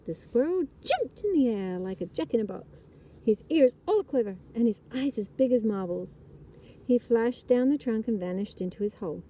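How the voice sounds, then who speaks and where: A woman reading a children's book aloud in a gentle, expressive storytelling style. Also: on the high side, moderate pace, poor audio. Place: outdoors in a hammock.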